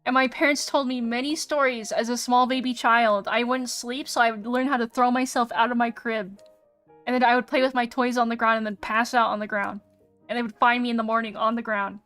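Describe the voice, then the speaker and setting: A woman's voice: a little high, steady tone, brisk, a bit bright. A young woman guest on a stream, chatting casually and telling a self-mocking story. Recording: voice over faint background music.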